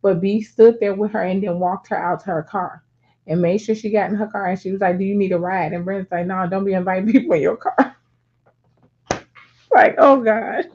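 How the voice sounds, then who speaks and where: Middle-aged woman co-host, chatty storyteller who acts out each voice, warm low tone, dull lo-fi audio. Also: quick pace. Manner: animated storyteller acting out voices. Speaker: talk show co-host. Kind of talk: casual chat. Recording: dull lo-fi sound.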